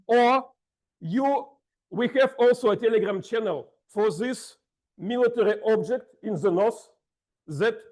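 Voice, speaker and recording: A man's voice: high-pitched, a little mellow. A man giving a joking, ironic impromptu speech at a speaking club.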